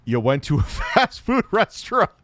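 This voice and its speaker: A man's voice: a little high, very animated, normal speed, fairly bright tone, dry recording. A man giving a mocking, incredulous commentary rant, laughing often and swearing freely. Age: adult, his own peer group. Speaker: commentary host. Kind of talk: ranting commentary.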